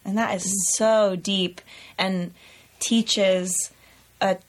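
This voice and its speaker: A woman co-hosting a podcast who speaks slowly and deliberately. Her tone is reflective and thoughtful as she responds in conversation. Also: mid-range voice, steady tone. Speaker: podcast co-host. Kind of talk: casual chat.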